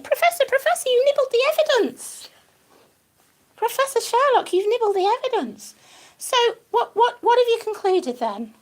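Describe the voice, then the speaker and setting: A woman talking to her pet rabbit in a playful, coaxing, sing-song way. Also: sits high. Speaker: pet rabbit owner hosting a live stream. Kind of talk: doting talk to a pet rabbit.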